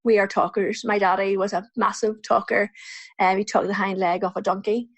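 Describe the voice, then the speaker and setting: A woman in her forties from Northern Ireland hosts a solo podcast from home, answering listener questions into a USB desk mic. Her mid-range voice holds fairly steady in pitch at normal speed, with no room sound. She's chatty and warm-hearted, laughing often.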